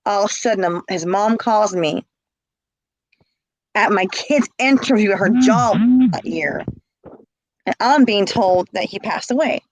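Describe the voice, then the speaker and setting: A woman's voice: mid-range voice, measured pace, long pauses, low-quality recording. A middle-aged woman, telling a personal story with passion and repeating herself. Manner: impassioned, repeats herself, acts out quoted calls. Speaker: interviewee. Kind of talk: emotional personal account.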